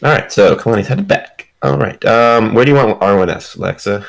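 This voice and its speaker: Gravelly man running a tabletop game. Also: a little fast, low-quality recording. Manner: chatty, self-mocking, breaks into high silly squeals. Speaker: game master.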